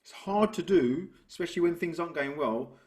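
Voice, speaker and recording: A man, a business coach talking through ideas and telling stories in a relaxed interview. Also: on the high side, fairly quick. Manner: reflective, tells stories to make a point. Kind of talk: conversational interview.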